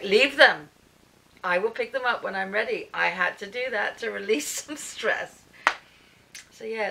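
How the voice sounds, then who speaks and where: A woman's voice: mid-range voice, creaky, slight background noise, low-quality recording. A British woman telling her day in a chatty vlog at home, acting out what everyone said, recorded on her camera. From Britain. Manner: chatty, animated storytelling with reported speech. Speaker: vlogger. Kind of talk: casual vlog rant recounting her day.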